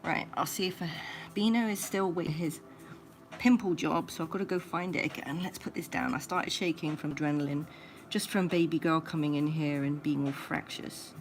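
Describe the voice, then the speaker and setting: A woman with a lowish voice chats casually on a home livestream as she grooms her rabbit. She coos to the animal in gentle baby talk and now and then drops to a hushed whisper. A faint hiss of noise sits behind her voice. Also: moderate pace. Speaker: pet owner livestreamer.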